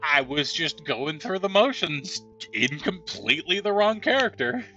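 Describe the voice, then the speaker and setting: A man's voice: a little high, sing-song, unhurried, pushed and bright, lo-fi sound, faint music behind. A man telling rambling anecdotes with laughs while giving casual gameplay commentary. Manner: rambling, chatty storytelling with laughs. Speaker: gameplay streamer.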